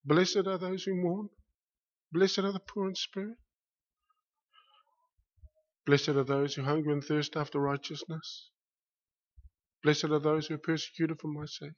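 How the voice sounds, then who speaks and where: A man preaching a sermon with passion, dropping to a hush and then rising loud, repeating his phrases for weight. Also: a little high, steady tone, measured pace, long pauses. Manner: impassioned, swings from hushed to loud, repeats phrases. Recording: muffled lo-fi recording.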